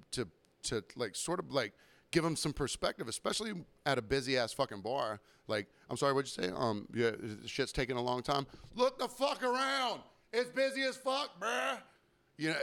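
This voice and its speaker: A man's voice: mid-range voice, a bit bright, clear, resonant tone, no room sound. A man hosting a podcast, telling a story in casual chat, rambling and swearing often. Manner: profane, rambling, with acted quotes. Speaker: podcast host.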